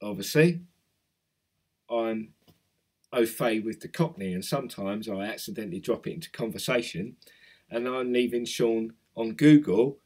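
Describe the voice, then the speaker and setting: A man's voice: fairly low pitch, normal speed, darkish tone. Chatty London man. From South East London. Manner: chatty, rambling, reads out viewer comments. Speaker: crypto YouTuber. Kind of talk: casual chat with live chat viewers.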